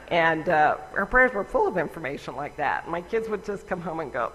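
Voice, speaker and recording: A woman's voice: on the low side, animated, moderate pace, few pauses, a bit bright, slight background noise. A woman giving a conversational, wry personal talk to a conference audience. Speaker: conference speaker. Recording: long reverb of a large hall.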